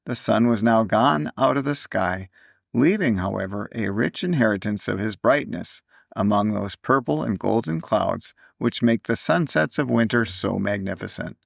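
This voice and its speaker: A man reading a classic story aloud in measured audiobook narration. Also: on the low side, animated, creaky, dry recording, clean studio sound.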